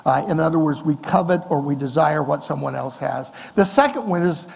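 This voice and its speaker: A middle-aged pastor preaches in a conversational way, asking the congregation questions and moving between quiet, low moments and emphatic lines. His voice sits a little high for a man. A long church reverb trails after his words. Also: animated, brisk, gravelly, few pauses. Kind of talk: sermon. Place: church sanctuary.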